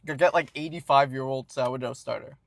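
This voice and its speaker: A man's voice: mid-range voice, fairly even intonation, brisk, vocal fry. A man hosting a casual food review from inside a car, rambling and self-assured with a jokey streak.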